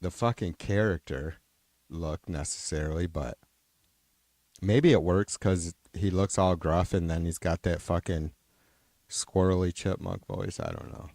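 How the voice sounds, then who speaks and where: Low-voiced man rambling on a stream. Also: unhurried, vocal fry, a little mellow, no echo. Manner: rambling and profane, with many restarts and trailing-off sentences. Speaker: livestream host. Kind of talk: casual unscripted stream chat.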